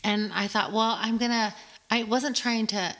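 A woman in casual chat with a friend, expressive and quick to laugh, often quoting her own words. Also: fairly high pitch. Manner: expressive, quotes herself, laughs often, warm teasing.

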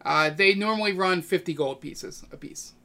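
Young man running a tabletop game, halting. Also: sits high, pushed and bright. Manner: hesitant, many ums and uhs. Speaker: game master.

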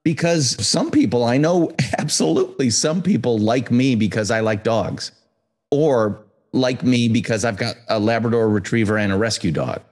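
A man's voice: mid-range voice, moderate pace, a little mellow. A man hosting a podcast interview, talking in a conversational, enthusiastic way. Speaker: podcast host.

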